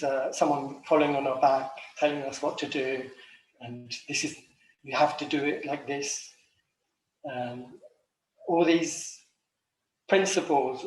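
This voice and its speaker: A man's voice: on the high side, reverberant, far from the mic, rough recording. An English man, a macrobiotic chef, talking in a rambling, reflective way with many ums and restarts. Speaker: macrobiotic chef and retreat director. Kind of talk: casual reflective talk at an online forum.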